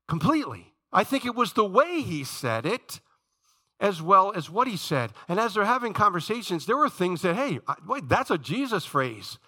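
Middle-aged male pastor with a sermon voice, bright and slightly high, lively storyteller who goes hushed in prayer. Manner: animated storytelling, dropping to a low quiet tone in prayer.

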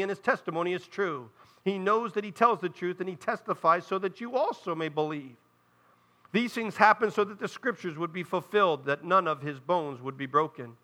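With a voice that is high for a man and very bright and sharp, a pulpit pastor gives a sermon at a moderate pace. His delivery is earnest and explanatory, with frequent direct asides to his congregation.

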